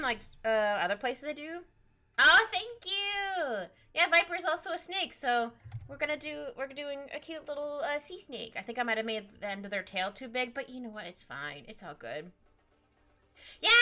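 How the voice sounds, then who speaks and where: A woman chatting casually with her stream while she draws, rambling, giggly and easily excited. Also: fairly high pitch. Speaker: streaming artist.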